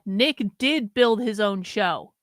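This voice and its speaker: A woman's voice: mid-range voice, lively intonation, takes it slowly, a bit bright, no echo, clean studio sound. A woman giving blunt, combative reaction commentary, swearing and talking back at the clip she watches.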